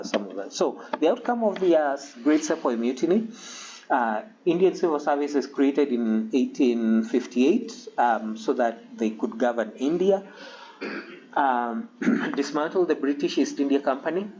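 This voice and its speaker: Halting male history lecturer, lo-fi sound. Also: mid-range voice, a little mellow. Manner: halting, many ums, frequent throat-clearing. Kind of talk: classroom lecture. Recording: dull lo-fi recording with faint hiss.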